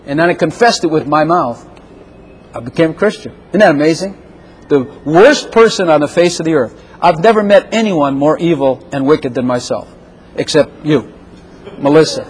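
A man preaching a sermon, animated, acting out short dialogues and jumping into a raised voice for them. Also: fairly high pitch, breathy edge. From Chicago.

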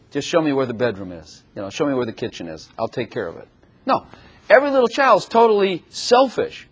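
A man's voice: fairly high pitch, slightly rough. A man preaching a sermon who often laughs and acts out little voices as he talks.

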